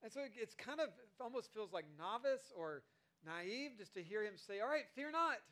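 High-voiced man preaching conversationally. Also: normal speed. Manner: conversational, animated, acts out quoted voices. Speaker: pastor. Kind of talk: sermon.

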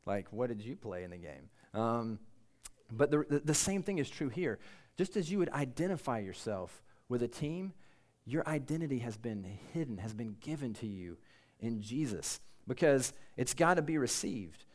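A man's voice: medium pitch, animated, moderate pace, darkish tone. A man giving an informal, earnest sermon to students in a conversational way, laughing at himself now and then. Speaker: campus pastor.

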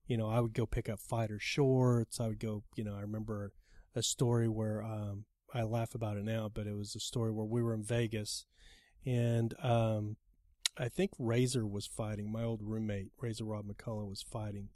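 Profane, animated male storyteller. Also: on the low side, normal speed, no room sound, clean studio sound. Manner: animated, profane, shouts when acting out quotes. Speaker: podcast guest. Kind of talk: casual storytelling.

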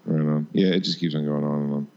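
A man's voice: a bass voice, steady tone, fast talker, a little mellow, dull audio. A man co-hosting a podcast in a casual, offhand way. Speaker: podcast co-host. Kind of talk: casual chat.

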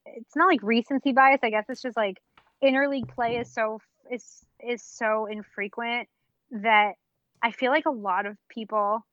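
A woman's voice: a little high, steady tone, normal speed, a bit bright. A young adult woman, a guest analyst, chatting casually with sardonic, self-deprecating jokes. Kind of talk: casual chat. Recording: dull lo-fi mic.

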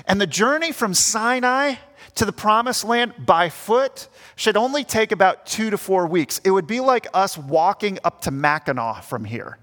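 A man's voice: high voice, animated, normal speed, fairly bright tone. A young man preaching an earnest sermon as pastor, acting out the grumbling voices he quotes. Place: church. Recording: long church reverb.

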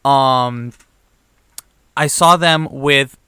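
A man's voice: medium pitch, extremely slow, pushed and bright, smooth, no room sound, studio quality. A man in casual chat, rambling through a memory and correcting himself as he goes. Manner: rambling, self-correcting recollection.

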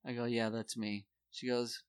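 A man's voice: medium pitch, level tone, moderate pace, clear, resonant tone. A man casually telling a long story on a podcast, acting out the people he quotes.

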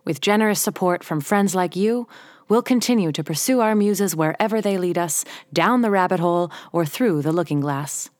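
A woman's voice: lowish voice, moderate pace, dry recording, studio quality. A woman host reading a scripted, upbeat sign-off and appeal for a story podcast. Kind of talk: scripted announcement.

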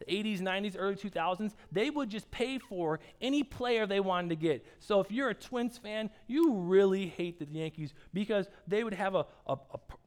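A man's voice: sits high, normal speed, few pauses. A pastor telling a casual, rambling story during a sermon, often repeating his words as he starts a sentence.

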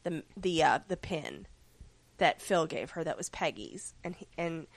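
A woman's voice: low-pitched, sing-song, unhurried, gravelly, no room sound. A woman co-hosting a casual podcast, recapping a TV episode and swearing now and then. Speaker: podcast co-host. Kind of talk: casual chat.

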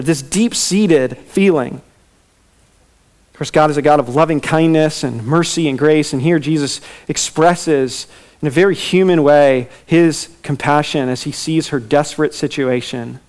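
A man preaching a sermon in a relaxed, conversational way, with casual fillers and asides. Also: fairly high pitch. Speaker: pastor.

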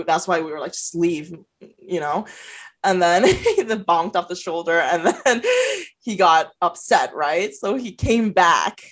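A young adult woman, a podcast co-host, telling a story in casual chat. She is animated, laughs often between her words and swears freely. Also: lowish voice.

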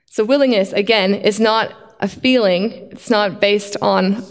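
A woman preaches a sermon in a lively way, asking her listeners questions. Her voice is mid-pitched and carries a long hall reverb, as in a church. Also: a little slow. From not from Australia. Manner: lively, asks the congregation questions.

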